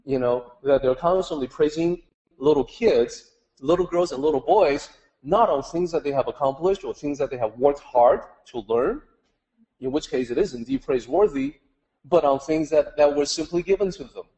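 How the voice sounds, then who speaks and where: A man's voice: a little high, moderate pace, mellow, dull audio. A man teaching a group, telling a story in a conversational way with many "you know" asides. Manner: acts out quoted voices in story. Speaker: Daoist teacher.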